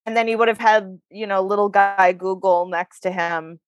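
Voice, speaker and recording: A woman's voice: mid-range voice, fairly even intonation, normal speed, no room sound, soft background music. A woman co-hosting a podcast, telling a long story in a chatty, swearing, laughing way. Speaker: podcast co-host. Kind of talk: casual chat.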